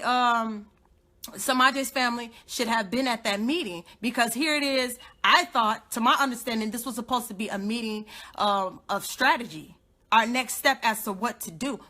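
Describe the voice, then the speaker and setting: Fired-up high bright-voiced woman. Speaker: godmother and activist livestreamer. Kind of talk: impassioned live social media rant.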